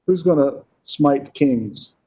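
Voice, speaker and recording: A male pastor giving a Bible-teaching sermon in a warm, dark-toned voice at an ordinary pitch. He reads scripture aloud, unpacks what it means, and keeps asking his listeners rhetorical questions. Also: animated, slow, rough recording.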